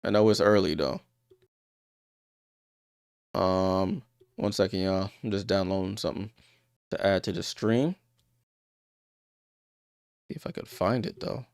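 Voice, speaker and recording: A low, gravelly yet smooth voice belongs to a man hosting a live watchalong, speaking unhurriedly and pausing often as he chats with viewers and calls plays. He grows louder on big plays, and the sound is dry, clean studio audio.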